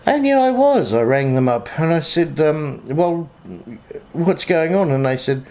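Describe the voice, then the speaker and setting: A man's voice: fairly high pitch, expressive, unhurried, a little mellow. An Australian man vlogging a casual update, indignantly retelling his phone calls in his own voice.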